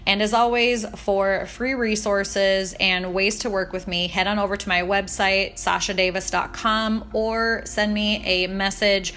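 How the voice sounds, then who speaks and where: A woman's voice: mid-range voice, flat delivery, measured pace, few pauses, fairly bright tone. A woman podcast host giving an upbeat scripted outro.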